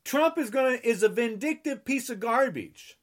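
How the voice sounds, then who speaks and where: A man's voice: very high-pitched, animated, normal speed. A man from New Jersey delivering an angry political rant, sarcastic and indignant, repeating mocking refrains and scolding his listeners. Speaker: political commentator.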